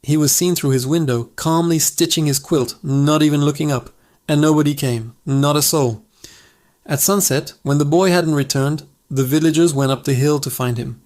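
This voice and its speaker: A man's voice: fairly high pitch, steady tone, normal speed, a little mellow. A man narrating a comedic fable in a playful, dramatic way with jokey asides. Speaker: storyteller.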